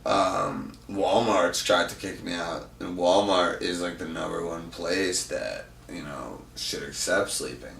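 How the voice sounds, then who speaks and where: A man guesting on a podcast, talking casually and profanely, sometimes loud and sometimes mumbling. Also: low voice, steady tone, a little slow, gravelly, hardly any pauses, slight background noise. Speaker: podcast guest, van traveler. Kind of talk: casual chat. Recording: roomy sound from a distant mic.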